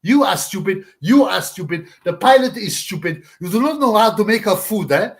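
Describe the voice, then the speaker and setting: A man voicing a loud, furious man ranting about plane food in a comic livestream bit, shouting demands and insults. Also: high voice, animated, normal speed.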